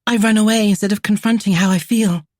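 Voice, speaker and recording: A woman's voice: mid-range voice, steady tone, fast talker, darkish tone, dry recording, clean studio sound, voice pushed up, close to an everyday voice. A woman voicing a passionate, independent woman painter in a romance audiobook. She speaks earnestly and emotionally, and her voice shakes. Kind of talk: audiobook character voice.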